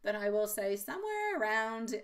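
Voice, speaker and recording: A woman's voice: on the high side, big pitch swings, normal speed, distant mic. A middle-aged woman giving a live-stream tarot reading, chatty and affectionate, calling viewers sweetie. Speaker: tarot reader. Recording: voice a little off-mic.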